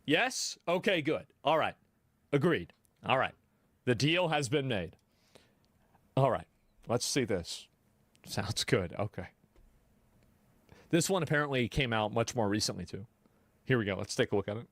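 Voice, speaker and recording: A man streaming live, reacting to videos with animated, exasperated asides. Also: medium pitch, unhurried, pauses often, no echo.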